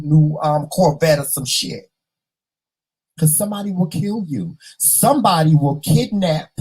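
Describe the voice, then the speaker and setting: A man's voice: fairly high pitch, husky, poor audio. A man chatting casually with viewers, reading their comments and dramatically acting out little scenes. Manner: animated, dramatic, talks to viewers and acts out scenes. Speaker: vlog host.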